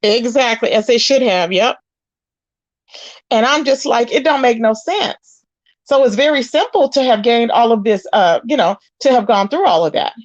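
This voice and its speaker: A woman's voice: fairly high pitch, expressive, normal speed, dry recording. A woman doing casual live-stream commentary, reading chat aloud in a sassy way, calling viewers child and honey. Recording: dull lo-fi, dry.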